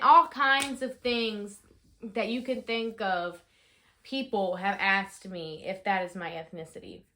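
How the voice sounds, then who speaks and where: A young woman in her twenties, telling a story casually in a vlog, chatty and full of fillers, shouting out the dramatic parts. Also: on the high side. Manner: chatty, animated, lots of fillers, rises to shouting in re-enactments. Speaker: vlogger.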